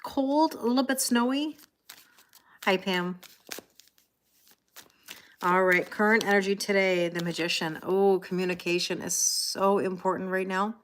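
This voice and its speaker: A woman's voice: mid-range voice, unhurried, long pauses, a little hiss or hum. A middle-aged woman with a Canadian accent, chatting with viewers by name and reading tarot on a live stream. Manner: chatty, greets viewers by name, reads out comments. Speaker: tarot reader.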